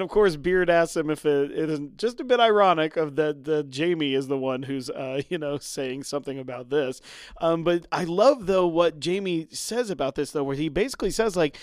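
A man's voice: on the high side, normal speed, smooth, no room sound, studio quality. A man co-hosting a casual podcast, recapping scenes of a TV episode and chuckling often as he retells them. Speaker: podcast co-host.

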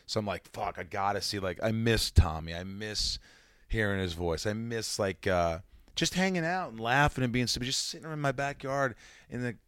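A man in his forties, a comedian and musician, chatting casually as a guest and telling rambling, animated stories with some profanity. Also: on the low side, normal speed, clean tone, no room sound, studio quality. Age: 40s. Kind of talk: casual interview chat.

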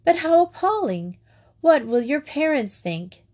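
A woman's voice: medium pitch, animated, measured pace, warm tone. A woman voicing a firm young headmistress who speaks sternly and with composure. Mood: worried.

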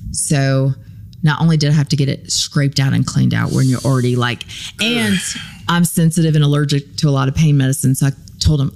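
Woman, podcast guest, casual storytelling, gravelly fry, acts out quotes, lots of ums. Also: low voice. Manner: animated retelling, acts out quoted lines; frequent ums and likes.

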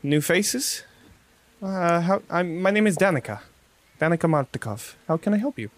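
A man performs the part of a middle-aged woman who runs an inn, sounding hesitant and welcoming. His delivery is expressive and lightly acted at a moderate pace, pitched fairly high and above his natural voice.

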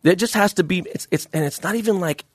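A man working as a jeweler, talking as a guest in a casual interview, using rapid, profane street slang with lots of fillers. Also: sits high, no echo, clean studio sound.

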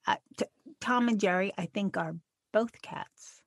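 A woman's voice: mid-range voice, unhurried, no room sound. Hesitant woman guest, dry close sound. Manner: hesitant, thinks aloud before guessing. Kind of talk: casual quiz game chat.

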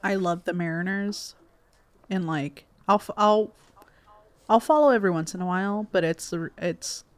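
A woman's voice: medium pitch, moderate pace, no room sound. A woman co-hosting a podcast in casual chat, hesitant, with many fillers and restarts. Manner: hesitant, many ums and restarts, laughs easily. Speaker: podcast co-host.

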